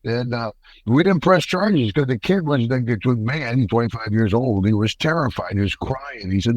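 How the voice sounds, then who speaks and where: A man's voice: mid-range voice, moderate pace, dry recording, muffled recording. Older man telling a wild story. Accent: American. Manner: animated, folksy, acts out quotes. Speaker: podcast guest, retired wrestler. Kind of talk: casual storytelling interview.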